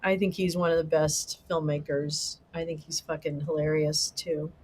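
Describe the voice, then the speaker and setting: This is a middle-aged host chatting live with viewers, excitable and rambling, dropping swears freely. The voice sits at an ordinary, middle pitch. A faint hiss of noise runs behind it. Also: normal speed, rough recording. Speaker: livestream host. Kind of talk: casual livestream chat with viewers.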